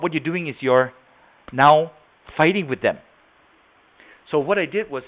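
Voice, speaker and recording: A man with a fairly high voice speaks at a moderate pace while leading a live sales training webinar on a video call. The audio comes through tinny and phone-like, and he chats conversationally, quizzing the class and repeating words.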